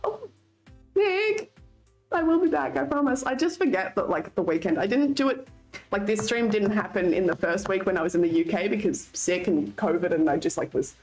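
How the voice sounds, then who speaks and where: Young Australian woman streamer, casual and lively, pitch swinging widely, light music underneath. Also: normal speed. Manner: chatty, swears freely, laughs often. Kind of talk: casual chat with live chat.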